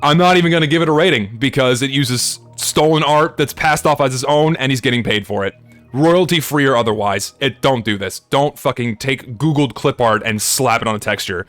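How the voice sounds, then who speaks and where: A man's voice: mid-range voice, fairly quick, fairly bright tone, no echo, faint music behind. A man giving a blunt, swear-heavy game review, talking emphatically. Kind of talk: ranting review commentary.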